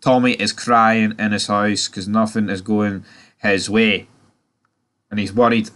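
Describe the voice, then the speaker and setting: A man giving a casual spoken recap of a TV season, ranting animatedly and swearing a lot. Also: unhurried. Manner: animated, sweary ranting with sudden jumps in pitch. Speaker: TV review host.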